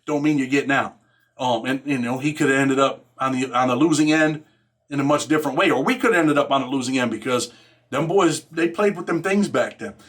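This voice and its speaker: A man with a fairly high voice tells a rough story from his past in loose, streetwise talk. He is profane and keeps tossing "man" into his sentences, the way a host talks straight to his viewers. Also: a bit bright. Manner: streetwise, profane, fills nearly every phrase with "man". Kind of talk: casual storytelling.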